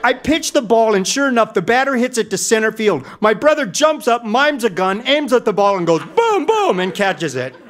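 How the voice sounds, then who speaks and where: A man's voice: very high voice, big pitch swings, moderate pace, few pauses, fairly bright tone. A middle-aged man telling a comic story in a grand, mock-epic manner. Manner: mock-epic, dramatic delivery.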